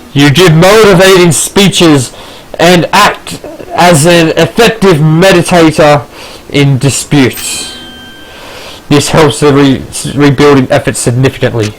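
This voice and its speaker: A man's voice: fairly high pitch, slow, low-quality recording. A man playing a text game, reading the story aloud with casual asides. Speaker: gamer. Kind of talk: casual let's play narration.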